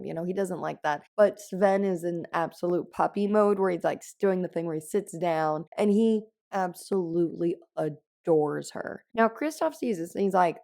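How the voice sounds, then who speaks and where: A woman's voice: on the low side, moderate pace, creaky, few pauses, a little mellow. A woman hosting a podcast in casual chat, gushing and telling stories with animation. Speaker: podcast host.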